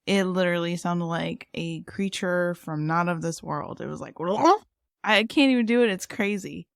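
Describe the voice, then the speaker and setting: A woman's voice: on the low side, measured pace, gravelly, dry recording, studio quality. A woman co-hosting a podcast in casual chat, talkative, with lots of fillers and laughter. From lived in San Antonio, Texas. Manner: chatty, laughs often, many fillers. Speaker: podcast co-host.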